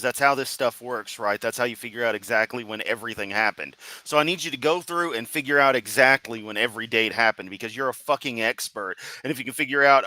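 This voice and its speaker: A man's voice: mid-range voice, fast, few pauses, pushed and bright, no room sound, poor audio. A man giving sarcastic, profane reaction commentary as a streamer, mocking what he hears. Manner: sarcastic, mocking, swears constantly.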